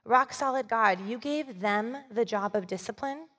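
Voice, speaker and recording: Exasperated ancient prophet, put on by a woman: high, urgent questions in a reverberant hall. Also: a bit bright, close to an everyday voice. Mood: pleading. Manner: incredulous rapid questions.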